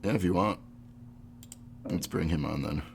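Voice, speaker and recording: A man's voice: very deep voice, normal speed, creaky, slight background noise. A man hosting a live-streamed podcast while sick, reading gaming history notes and chatting casually. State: sick, under the weather. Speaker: podcast host.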